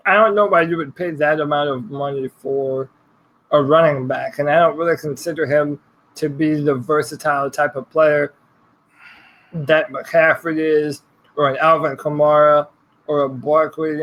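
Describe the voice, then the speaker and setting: A man's voice: a little high, a bit bright, low-quality recording. A man co-hosting a casual sports podcast, giving blunt opinions in a laid-back way with some mild swearing. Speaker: podcast co-host.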